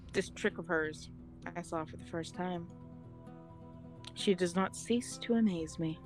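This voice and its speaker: A woman reading a dark visual novel aloud for a let's play, in a low voice. She delivers the melodramatic text in a flat, deadpan way, with faint music underneath. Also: poor audio.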